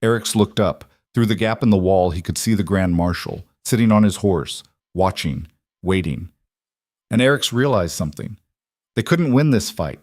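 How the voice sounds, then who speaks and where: A man narrating a dark fantasy story in measured, clipped dramatic phrases. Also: deep voice, lively intonation, no room sound, clean studio sound. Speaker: audiobook narrator.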